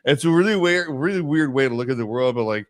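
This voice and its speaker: A man's voice: mid-range voice, animated, quick pace. A man hosting a podcast, swearing a lot and laughing through his stories in casual chat. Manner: profane, loud storytelling with frequent laughter. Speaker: podcast host.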